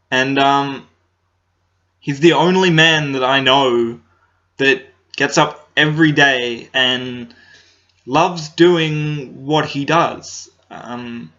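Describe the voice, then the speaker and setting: A man's voice: medium pitch, very slow, long pauses, sharp tone. A young man, talking casually to his camera, hesitant, with many ums and restarts, recorded on a laptop's built-in microphone. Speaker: comedy vlogger. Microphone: laptop built-in mic. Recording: dull lo-fi laptop mic.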